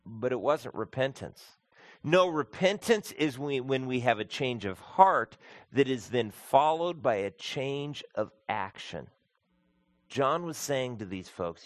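A male pastor preaching a sermon, emphatic, swinging from loud peaks to quiet, low passages. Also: expressive, takes it slowly, dry recording. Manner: emphatic, rising to loud peaks then dropping soft.

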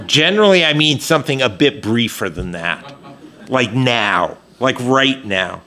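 A man preaching in a slow, deliberate way, pausing often and restarting his phrases. His voice is bright and forward, at an ordinary middle pitch. He sounds like a pastor talking a congregation through scripture. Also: animated. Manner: conversational preaching with frequent fillers and restarts. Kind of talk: sermon.

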